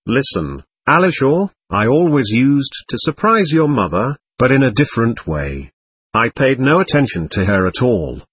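A man's voice: medium pitch, sing-song, moderate pace, fairly bright tone, slightly rough. A man reading the part of a drunken, lecherous old man who rambles and needles his sons. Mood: leering. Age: older.

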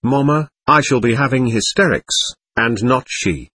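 A man's voice: medium pitch, measured pace, fairly bright tone, husky, dry recording, studio quality. Man reading as a petulant young girl. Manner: insistent, complaining. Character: petulant demanding teenage girl.

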